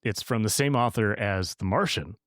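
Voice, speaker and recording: A podcast co-host with a fairly low, slightly bright voice chats casually at normal speed, telling stories in a rambling way with frequent restarts and little laughs. The recording is dry and close, with no room around it.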